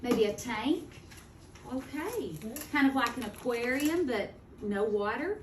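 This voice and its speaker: A woman teaching a second-grade phonics lesson, speaking clearly and deliberately. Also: fairly high pitch, expressive. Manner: clear, deliberate teacher talk, slowing to model words. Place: classroom. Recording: echoey classroom from far off, noisy.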